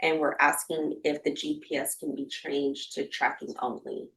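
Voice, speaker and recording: A woman's voice: low-pitched, little pitch movement, normal speed, poor audio. A woman attorney addressing a judge in court, hesitant with frequent fillers. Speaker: defense attorney. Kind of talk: courtroom proceedings.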